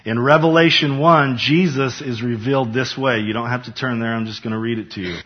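A man's voice: medium pitch, brisk, slightly rough, dull audio. A man preaching a Bible study, building emphasis as he reads scripture aloud. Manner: emphatic, rising for scripture quotes. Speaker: pastor.

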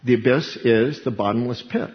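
A man preaching to his congregation in a lively, conversational way, with little laughs as he goes. His voice sits at an ordinary pitch for a man. The recording is dull and lo-fi, with a long reverb trailing off each phrase. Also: normal speed. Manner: animated, chuckling, conversational preaching. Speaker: pastor. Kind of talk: sermon. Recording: dull sound in a reverberant hall.

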